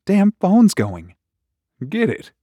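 A man's voice: sits high, wildly swooping pitch, takes it slowly, dark tone, breathy edge, dry recording, clean studio sound, voice pushed up, heavily acted. A man voicing a playful, sleepy wife who teases her husband in the night, in a read-aloud story. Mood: teasing. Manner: playful, teasing. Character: teasing drowsy wife woken at night.

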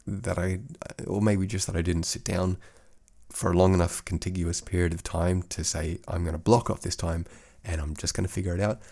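A man's voice: deep voice, creaky, a little mellow. A middle-aged man with a faded Australian accent hosting a casual solo podcast from his home studio, rambling and often restarting his sentences. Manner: rambling, many restarts and self-corrections. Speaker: podcast host. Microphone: studio microphone.

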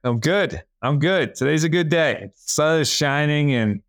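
Man from Massachusetts, podcast guest, smooth clear voice, dry sound, energetic and friendly. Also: a little high, dry recording. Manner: energetic, friendly, quick bursts. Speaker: guest, real estate entrepreneur. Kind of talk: casual conversation.

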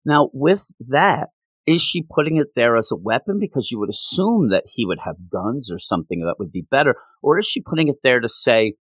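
A man casually recapping a story in an animated, chatty way. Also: medium pitch, brisk, husky, no room sound. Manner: animated and chatty, with many fillers.

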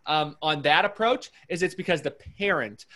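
A man's voice: on the high side, moderate pace, sharp tone. A man co-hosting a podcast, talking in an earnest, preachy way and repeating his points. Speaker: podcast co-host. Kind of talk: casual podcast chat.

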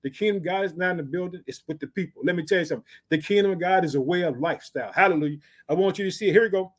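A man preaching a sermon, reading scripture slowly and emphatically between quick, fired-up commentary that urges listeners on. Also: high voice. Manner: exhorting, repeats catchphrases.

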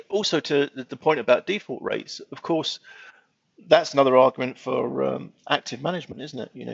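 A man's voice: medium pitch, vocal fry, slightly rough, no echo, muffled recording. A man on a finance panel discussion, rambling with frequent restarts.

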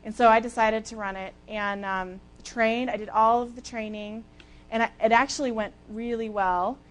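A young woman giving a sermon as a lively, chatty personal story, with casual fillers and easy laughs. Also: a little high, normal speed. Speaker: speaker at a church talk.

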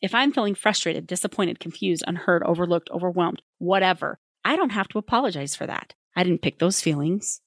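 Brisk, emphatic woman giving parenting advice. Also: on the low side, lively intonation, dry recording. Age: adult with children. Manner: brisk, emphatic, plainspoken with wry humor. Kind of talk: candid advice monologue.

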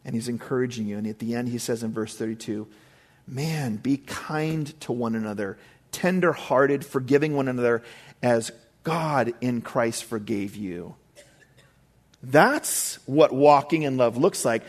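A middle-aged man delivers a sermon in an easy, conversational way. He breaks off from scripture for casual asides to his listeners, and his voice sits at an ordinary pitch. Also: measured pace. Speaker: pastor.

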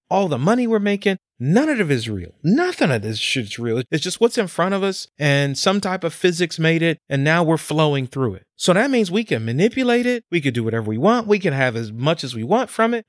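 In a relaxed podcast conversation, a male guest with a slightly high voice curses openly and grows fired up as he preaches about confronting who you really are. The recording is dry, with clean studio sound.

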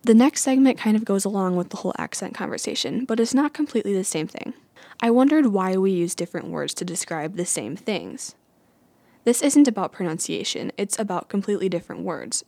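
Chatty woman with crisp enunciation. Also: medium pitch, darkish tone, dry recording. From United States. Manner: chatty, laughs at her own jokes; carefully enunciated. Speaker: host. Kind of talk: casual educational talk.

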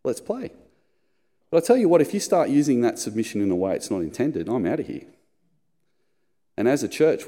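Male pastor, middle-aged, low mellow voice, storyteller, church hall reverb. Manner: storytelling, acts out squeaky high voices in anecdotes. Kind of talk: sermon.

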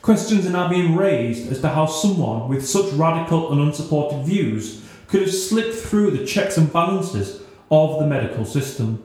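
A man narrating a scripted story in a steady, newsreader-like reading, in a very echoey room. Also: on the high side, normal speed.

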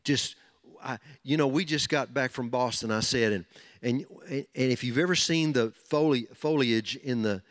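Emphatic preacher. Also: male voice, mid-range voice, moderate pace. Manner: emphatic, repeating key phrases, building in intensity. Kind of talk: sermon.

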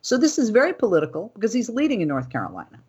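A woman hosting a news podcast with a slightly breathy, airy voice. She talks in an animated, indignant way, reading quotes aloud and then going off script to argue her point. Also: medium pitch, very fast, dull audio. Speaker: host.

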